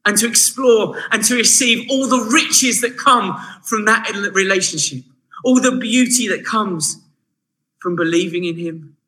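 A man preaching a sermon, animated and shifting from hushed asides to emphatic points. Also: sits high, unhurried, rough recording.

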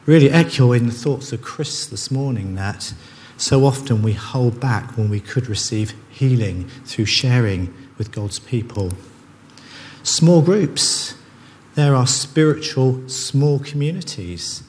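Slow, with lively intonation and a darkish tone, this medium-pitched man preaches earnestly and conversationally, often starting sentences over. His sermon echoes with the long reverb of a church hall amid faint ambience.

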